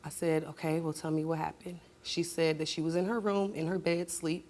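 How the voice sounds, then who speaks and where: A woman's voice: low voice, flat delivery, fairly quick, a little mellow. A woman guest on a talk show, recounting a painful family story and growing heated as she argues with her mother. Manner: heated, talks over others. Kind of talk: emotional testimony on a talk show.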